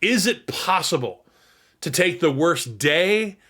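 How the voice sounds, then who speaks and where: A man who is a pastor, teaching on scripture in a reflective way, reading verses slowly and repeating his key points. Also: on the high side, animated, sharp tone, slightly rough. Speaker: pastor and host. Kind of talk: sermon-style teaching on scripture.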